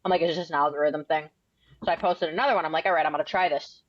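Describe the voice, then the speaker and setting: A woman's voice: deep voice, steady tone, very fast, dry recording, lo-fi sound. A young woman in her twenties from New England, a firefighter and author telling her story as a podcast guest in a blunt, outspoken, slangy way. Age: 20s. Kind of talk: casual interview storytelling.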